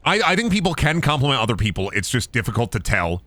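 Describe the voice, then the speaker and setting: A young man chats casually while he streams a game, his pitch leaping about in a very animated way. His voice is bright, and his stories wander as he mimics the people in them. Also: fast, no room sound. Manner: rambling, animated storytelling with mimicked quotes. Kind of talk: casual chat while gaming.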